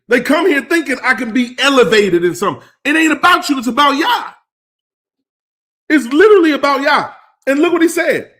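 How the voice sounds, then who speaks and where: A man preaching a teaching sermon, conversational and emphatic, rising to loud stresses. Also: very high-pitched, lively intonation, brisk.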